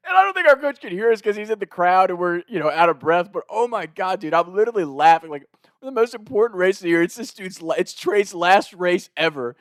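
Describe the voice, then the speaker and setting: A young man telling a story in a casual, animated, profane way, laughing as he goes. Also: sits high, a little fast, no room sound, studio quality.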